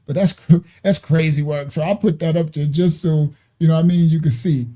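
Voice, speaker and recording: A man's voice: a little high, steady tone, a little fast, dark tone. A man hosting a reaction video, musing aloud and asking his viewers questions in a casual way.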